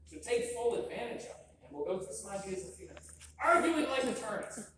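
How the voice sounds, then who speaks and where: A man in his fifties speaks fast in a high, sing-song voice at a live convention seminar. He is blunt and joking, frequently quizzing the audience. The noisy recording was captured from far off in a large, echoey hall.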